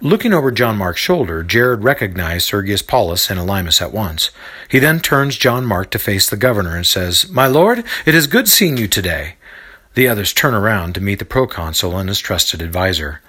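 A man narrating a scripted audio drama in a lively storytelling manner. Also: sits low, brisk, slightly rough.

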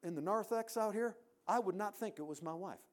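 A man preaching a sermon in a church, emphatic, rising to loud peaks and dropping to quiet endings. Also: sits high, fairly quick.

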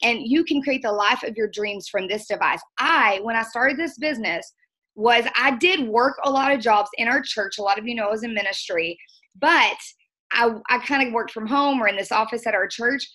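A woman's voice: fairly high pitch, moderate pace, bright, forceful tone. A middle-aged woman, a guest trainer speaking earnestly and emotionally in a folksy way. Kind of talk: motivational training talk.

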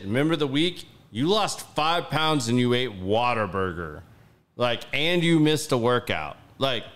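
A man hosting a podcast, telling stories in a casual, profane, animated way. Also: medium pitch. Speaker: podcast host.

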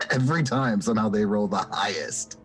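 A man's voice: on the low side, normal speed, over music. A man playing a tabletop game, wry and laughing at the dice. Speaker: player. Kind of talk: casual tabletop play.

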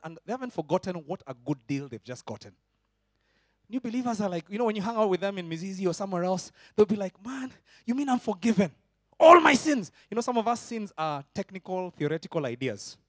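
A pastor in his forties preaches with a fairly high voice, jumping from near-shouts to hushed, close asides. His voice is caught dry and up close, with no room sound. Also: fast talker, no room sound. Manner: animated, swinging from loud shouting to soft intimate tones. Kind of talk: sermon.

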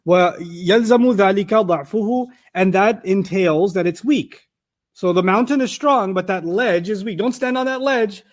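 A man's voice: sits high, quick pace. A man giving an explanatory lecture on scripture, reading out Arabic terms and then explaining them in plain words. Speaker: Quran teacher.

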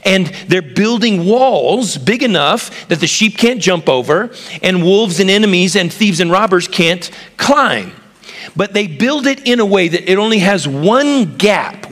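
A man's voice: high voice, a bit bright. Preaching man in a reverberant hall. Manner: teaching, asks the congregation questions, builds emphasis with lists. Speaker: pastor. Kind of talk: sermon.

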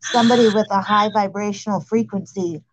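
A woman calmly and confidently explaining spiritual ideas in a casual conversation, speaking with assurance. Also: mid-range voice, a little fast, slight background noise, poor audio. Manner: calm, assured, speaks of light codes. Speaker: spiritual guide.

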